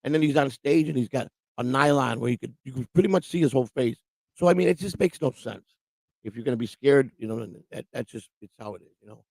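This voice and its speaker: Gravelly man ranting on a livestream. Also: medium pitch, fast talker, a little mellow, dry recording. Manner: profane, rambling, quotes people mockingly. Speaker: livestream show host. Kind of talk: casual ranting chat. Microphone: livestream microphone.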